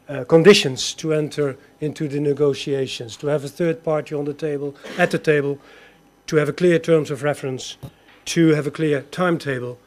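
A man who heads an institute, thanking a speaker in formal, measured and courteous words. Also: fairly high pitch, a little mellow. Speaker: rector hosting a lecture. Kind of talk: formal academic remarks. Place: lecture hall.

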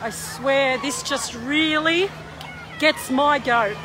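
Holding her phone up to livestream, a woman rants with indignant exasperation, her voice sitting high and unhurried. She's at a crowded outdoor waterfront by a pool, where faint chatter and outdoor sounds drift in.

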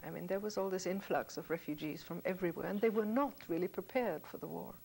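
A woman's voice: on the low side, fast talker, creaky, darkish tone, slightly rough, poor audio. An older woman, a singer who grew up in German-speaking Europe, telling stories from her past in a wry, anecdotal way and laughing at her own tales. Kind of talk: reminiscing storytelling.

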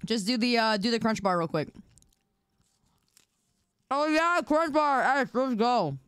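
A woman's voice: a little high, animated, measured pace, fairly bright tone, clean tone, no echo, clean studio sound. A young woman streaming live, chatting playfully and teasing her viewers while she eats. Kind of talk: casual live-stream chat.

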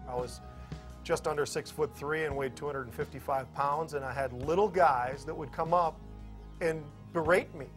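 A male trader telling forceful anecdotes in a documentary interview. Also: a little high, moderate pace, faint music behind.

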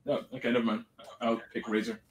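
A man's voice: mid-range voice, flat delivery, quick pace, rough recording. A man hosting a casual gaming stream over online voice chat, jokey and playfully formal.

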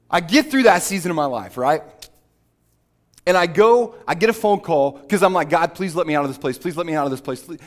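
A man's voice: on the high side, lively intonation, brisk. A man preaching a sermon, telling a personal story in a conversational way that builds to emphatic preaching. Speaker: pastor.

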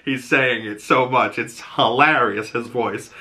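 A man hosting a podcast, recapping a TV episode in a casual, animated way, laughing and swearing often. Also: medium pitch, a little slow. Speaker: podcast host.

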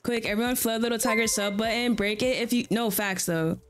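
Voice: medium pitch, steady tone, brisk, fairly bright tone. A streamer in casual live-stream chat while playing a game, laid-back and chatty, often repeating slang phrases.

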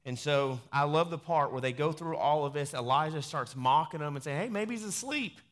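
A pastor reading scripture aloud in a sermon, breaking off into quieter conversational asides. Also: male voice, on the high side, steady tone, a little fast. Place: church sanctuary.

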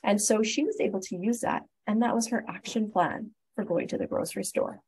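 A Canadian woman, a respiratory therapist appearing as a guest speaker, presents a webinar in a medium-pitched, darkish, husky voice at a slightly fast pace. The recording is rough. She stays upbeat and encouraging, walking through the steps one at a time.

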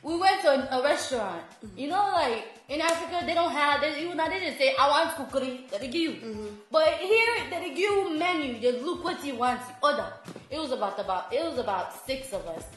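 Sierra Leonean woman host, high and bright, animated comic storytelling with lots of laughter. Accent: Sierra Leonean Krio-tinged English. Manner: animated, laughs often, repeats words while telling. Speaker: show host telling stories.

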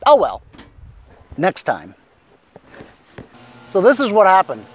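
Rambling chatty man with a lively voice. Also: high voice, slow. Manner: rambling, chatty, lots of fillers. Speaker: lawn mower reseller vlogger. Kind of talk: casual chat.

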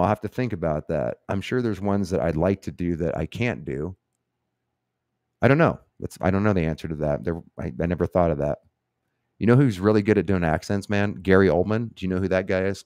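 A man's voice: deep voice, darkish tone, no room sound, studio quality. A middle-aged man hosting a live Q&A stream, rambling and emphatic with frequent swearing.

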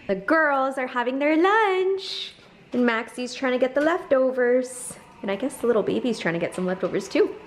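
Thirties woman home vlogger, upbeat and chatty, slightly high voice, faint background hiss. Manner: bubbly, chatty, laughs often. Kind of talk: casual vlog chat. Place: home kitchen and vanity.

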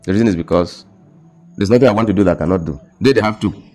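A young man with a Nigerian accent tells his personal testimony as a guest in a relaxed conversation, his voice very low and deep. He speaks haltingly, repeats words, and often sinks into a soft, emotional hush, with crowd noise in the background.

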